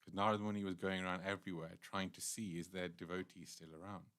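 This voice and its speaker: A man's voice: deep voice, little pitch movement, quick pace, a bit bright. A man giving a devotional temple class, earnestly retelling scripture stories at length.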